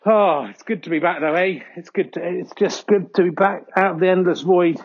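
A man hosting a comedy podcast, giving mock-earnest snooker commentary with frequent excited exclamations. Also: high voice, moderate pace, highs cut off. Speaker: host doing mock sports commentary.

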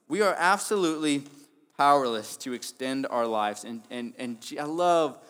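An earnest young male pastor preaching a sermon with a mid-range voice. He drops to quiet, soft phrases and then rises to emphatic lines. The sound carries a long reverb from a church hall. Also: medium pitch. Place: church sanctuary.

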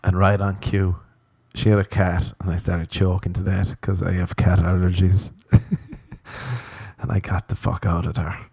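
A man's voice: deep voice, fairly even intonation, a little slow, vocal fry, darkish tone, slightly rough. A young man hosting a solo comedy podcast, telling a rambling, profane story and laughing as he goes. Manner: rambling, profane, laughs through his own stories. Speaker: podcast host.

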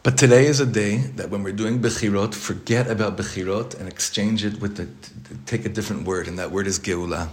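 A man's voice: fairly low pitch, a little fast, few pauses. A man giving an informal Torah class to his congregation in a synagogue study hall. He talks conversationally, with restarts, joking asides and many Hebrew and Yiddish terms. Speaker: rabbi teaching his congregation. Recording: echoey room.

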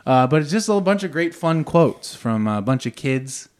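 A man's voice: a little high, very animated, moderate pace, a little mellow. A man co-hosting a comedy podcast, talking in a rambling, casual way with lots of fillers. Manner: rambling, full of fillers and laughs. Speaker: podcast co-host.

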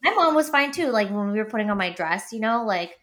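A woman's voice: medium pitch, expressive, fast talker, fairly bright tone. A woman in casual chat who often agrees and laughs easily.

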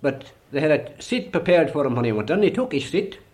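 Donegal storyteller, older style, rambling folksy delivery. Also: male voice, on the high side, expressive, fairly quick, darkish tone. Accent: Irish (Donegal). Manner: rambling, repetitive "he says". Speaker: traditional storyteller. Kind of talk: folk storytelling.

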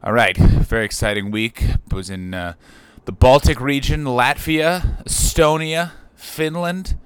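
Brief: male podcast host, rambling comic monologue, smooth voice, close dry mic. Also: medium pitch, measured pace, dry recording. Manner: rambling, jokey, loud bursts of excitement. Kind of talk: solo comedic podcast monologue.

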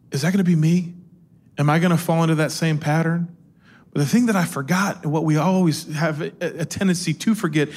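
A man in his forties co-hosting a faith talk, telling family stories in a lively way and laughing as he goes. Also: on the high side. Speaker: co-host. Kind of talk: casual faith talk with storytelling.

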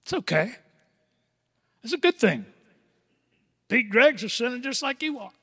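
Older high-voiced preacher in a reverberant hall. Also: male voice, big pitch swings, husky. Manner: dramatic preaching, drawn-out words, swings from loud to hushed. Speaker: pastor. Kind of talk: sermon. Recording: long echoing hall reverb.

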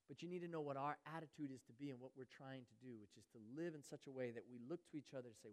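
A man preaching a sermon as pastor, earnest, rising louder on key phrases and dropping very soft on others, sometimes acting out the voices of churchgoers. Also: mid-range voice, fast talker, hardly any pauses, long reverb tail. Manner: earnest, swells louder on key phrases and drops to near-whispers; acts out everyday voices of churchgoers. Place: church sanctuary.

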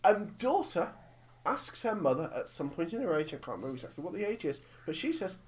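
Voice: medium pitch, fairly quick. A host ranting and joking about films in a casual chat. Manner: animated, ranting, jokey. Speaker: podcast host.

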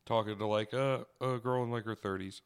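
A man co-hosting a podcast, telling stories in a casual, animated way, swearing and laughing as he goes. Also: lowish voice, a little fast, smooth. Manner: animated, swears often, laughs mid-story. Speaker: podcast co-host. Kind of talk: casual storytelling chat.

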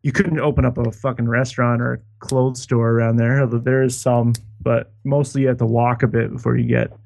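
A man's voice: medium pitch, flat delivery, a little fast, vocal fry, a little mellow. Profane rambling male podcast storyteller. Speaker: podcast co-host. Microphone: video call.

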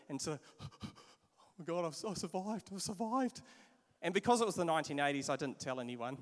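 A man in his forties with a New Zealand accent, preaching a sermon and telling stories in an animated way, with repeated restarts. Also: fairly high pitch. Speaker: pastor. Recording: long hall reverb.

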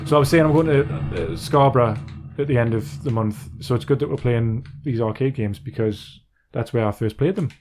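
A man's voice: medium pitch, normal speed, a little mellow, slight background noise. A British man co-hosting a podcast, chatting and joking in a playful, sweary way while playing retro games. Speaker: podcast co-host. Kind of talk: casual gaming chat.

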